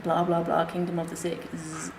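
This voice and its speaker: A woman speaking at a conference, reading her comic memoir aloud in a wry, deadpan way. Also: mid-range voice, moderate pace. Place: hospital conference room. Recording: echoey lecture room, faint hiss.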